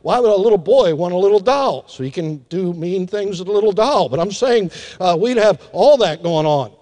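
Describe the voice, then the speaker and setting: Older man, pastor's sermon, high voice, long reverberating hall. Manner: animated preacher, acting out scenes with hushed asides and drawn-out emphasis.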